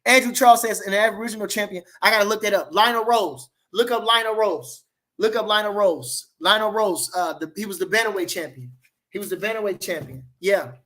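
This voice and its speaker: Man, AAVE, boxing livestream host. High, bright voice; loose and slangy, repeats lines for emphasis. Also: fairly quick. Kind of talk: casual livestream chat reading comments.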